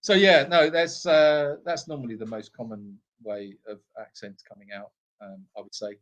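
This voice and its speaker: A man's voice: medium pitch, little pitch movement, normal speed, a bit bright. A man co-hosting a live Q&A from an animal sanctuary, reading viewer comments in a playful, jokey way. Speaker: co-host of a live Q&A.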